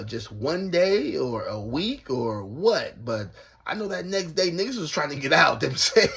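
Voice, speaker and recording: A man telling a casual story about his time in prison, slangy and animated, laughing often. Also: a little high, breathy edge.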